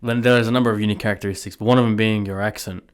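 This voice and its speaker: A man's voice: on the low side, fairly even intonation, rapid-fire, smooth. A young Australian man co-hosting a comedy podcast, mocking and sarcastic as he rants. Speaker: podcast co-host. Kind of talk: casual comedy podcast banter.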